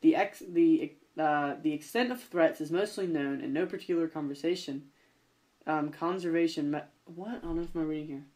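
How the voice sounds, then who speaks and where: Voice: medium pitch, normal speed, darkish tone. A young adult podcast host chatting casually, rambling with many fillers and self-corrections. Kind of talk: casual chat.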